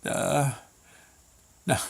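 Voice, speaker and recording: A man voicing a startled male musician on stage, answering in hesitant, unsure replies. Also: drawn-out words.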